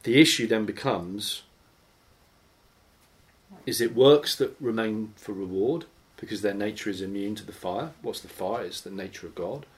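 A man leading a Bible study, teaching in a conversational, animated way. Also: fairly low pitch, normal speed. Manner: conversational, animated, acts out imagined voices. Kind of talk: informal teaching sermon.

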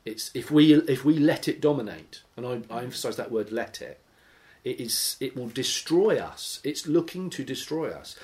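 Man, Bible study leader, mid-pitched, conversational and lively teaching delivery. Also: moderate pace. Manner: conversational, animated, acts out imagined voices. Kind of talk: informal teaching sermon.

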